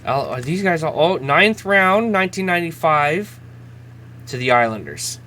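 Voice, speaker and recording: A man's voice: a little high, very animated, normal speed, pushed and bright, a little hiss or hum. A man, casually chatting as he opens trading card packs, laughing at himself and reading names aloud. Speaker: host. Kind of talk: casual card-opening commentary.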